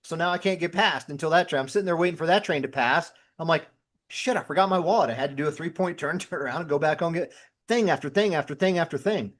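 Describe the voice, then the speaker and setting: Talking quickly in a slightly high, fairly bright voice, this podcast guest, once a firefighter, chats casually through everyday anecdotes, acting out what he was thinking in quoted lines.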